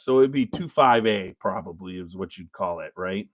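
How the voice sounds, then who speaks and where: A man's voice: deep voice, lively intonation, moderate pace. A man hosting a casual bourbon tasting chat, telling stories in a loose, rambling way. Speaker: whiskey reviewer, show host.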